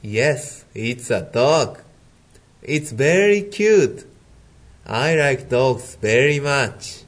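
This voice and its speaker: Very slow-speaking male English teacher. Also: mid-range voice, big pitch swings. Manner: slow, clear, patient, imitates animal sounds. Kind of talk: simple English lesson for young learners.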